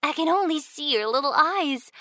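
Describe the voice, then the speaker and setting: A woman voicing a gentle, doting mother bunny in a children's storybook, talking in a coaxing, soothing way. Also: high-pitched, animated, dry recording, studio quality. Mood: cheerful coaxing. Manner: sing-song, coaxing, slow and soothing.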